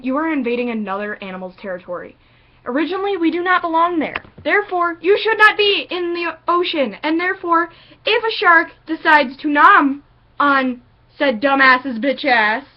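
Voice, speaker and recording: Brief: high-pitched woman vlogger, sarcastic and profane, muffled lo-fi sound. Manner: sarcastic, profane, animated ranting. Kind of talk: ranting vlog monologue.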